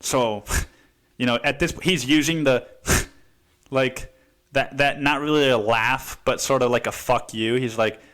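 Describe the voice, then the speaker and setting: A man's voice: medium pitch, measured pace, a bit bright, smooth. A man hosting a podcast, telling a story in a rambling, profane way and saying "dude" constantly. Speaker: podcast host. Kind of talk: casual storytelling monologue.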